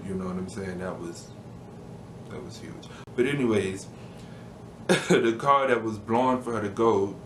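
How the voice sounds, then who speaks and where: A man with a low-pitched voice chats through a TV episode recap, laughing easily and quickly acting out characters' lines. He sounds like he is in an echoey room with a clear hum of background noise behind him. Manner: chatty, laughs often, retells scenes with quick quoted lines. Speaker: TV episode reviewer. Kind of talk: casual recap and commentary.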